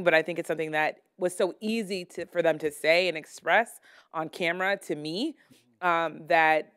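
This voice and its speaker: Smooth-voiced woman panelist from Miami. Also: low voice. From Miami, Florida. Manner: animated storytelling, quotes people in lively asides. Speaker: panelist journalist. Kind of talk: panel discussion. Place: university pavilion stage.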